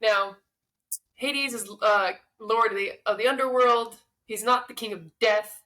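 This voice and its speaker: A young woman co-hosting a podcast, retelling a myth in a relaxed, joking way. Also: a little high, unhurried. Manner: relaxed, joking, self-deprecating. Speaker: podcast co-host. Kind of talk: casual chat and myth retelling.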